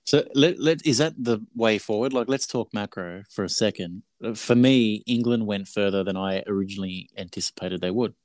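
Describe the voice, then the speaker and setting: A man's voice: on the low side, normal speed, hardly any pauses, a little mellow, no room sound, clean studio sound. A man co-hosting a rugby podcast, talking casually and posing questions to his co-host. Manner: questioning, conversational. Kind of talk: casual sports chat.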